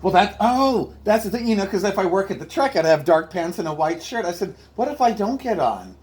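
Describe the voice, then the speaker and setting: A man's voice: high voice, a little mellow. A man chatting casually, telling a rambling story that stops and restarts often. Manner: rambling, halting, self-interrupting storyteller. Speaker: comedian. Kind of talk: casual chat.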